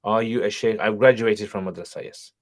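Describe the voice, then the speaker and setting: A man hosting a casual livestream Q&A while driving, reading viewer questions aloud and answering them in a relaxed, chatty way. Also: lowish voice, brisk. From England. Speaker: channel host, Islamic teacher. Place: car, driving while streaming.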